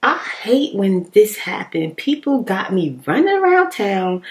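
A woman chatting casually on her vlog, expressive and informal, laughing often and slipping at times into a whisper. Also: medium pitch, measured pace. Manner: informal, animated storytelling. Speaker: ASMR vlogger. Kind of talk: casual rambling chat reading viewer comments.

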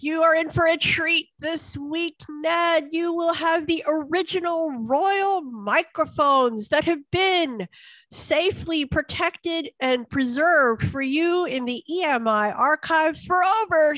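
A woman's voice: sits high, takes it slowly, a bit bright, no room sound. A woman co-hosting a casual online meetup, playful and teasing with the group. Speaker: co-host and facilitator.

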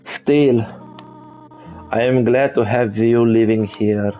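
A man reading aloud the lines of a motherly monster woman in a game, gentle turning stern, in a plain reading voice. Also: medium pitch, fairly even intonation, slow pace, soft background music, lightly acted, low-quality recording.

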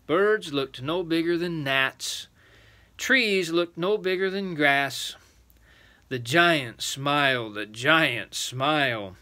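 An older man reading a children's bedtime story aloud as a lively grandfatherly storyteller. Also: a little high, slow.

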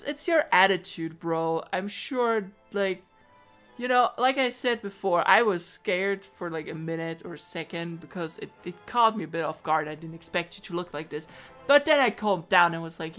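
Brief: woman let's player, bright voice, unhurried, faint game music underneath. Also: fairly low pitch. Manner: blunt, swearing, laughing asides. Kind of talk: casual game commentary.

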